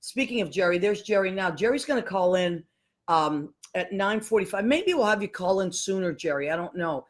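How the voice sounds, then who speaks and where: A woman's voice: mid-range voice, lively intonation, moderate pace. A woman hosting a live show solo, chatting casually and greeting listeners one by one by name. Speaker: host.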